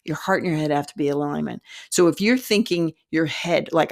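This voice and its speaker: A woman's voice: low voice, a little fast, gravelly, hardly any pauses. A middle-aged woman giving an earnest, encouraging spiritual teaching talk to the camera, often breaking into light laughter.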